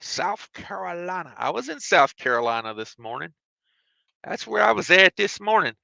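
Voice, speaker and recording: A man's voice: sits high, big pitch swings, moderate pace, creaky, bright, forceful tone, no echo, rough recording. A man, a trucker chatting on his live stream from his truck cab and reading out viewer comments with jokes. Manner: drawling, joking, self-mocking.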